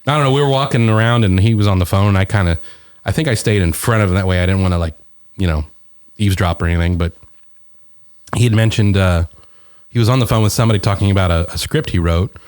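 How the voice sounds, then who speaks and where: A man's voice: low-pitched, quick pace. A middle-aged man, a comedian guest, telling rambling stories in casual podcast chat with plenty of restarts. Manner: animated storyteller, rambling with restarts.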